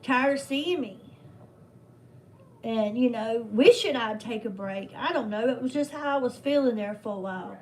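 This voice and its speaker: High-voiced older woman chatting. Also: normal speed, darkish tone, low-quality recording. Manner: rambling, heartfelt, with folksy religious phrasing. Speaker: livestream host. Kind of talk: casual livestream chat.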